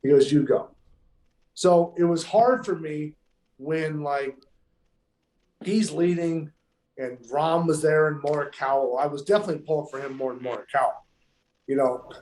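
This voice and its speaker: A man's voice: a little high, normal speed, pauses often, a little mellow. Profane, emphatic man in an echoey room. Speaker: pro golfer guest. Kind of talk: casual podcast chat.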